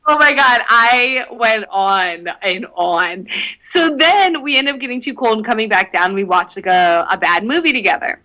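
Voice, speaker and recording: A young woman tells a dating story with lively, unfiltered energy, laughing often and cursing freely. Her voice sits fairly high and rings bright. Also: moderate pace, rough recording. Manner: animated, laughing, swears freely. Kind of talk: casual chat, storytelling.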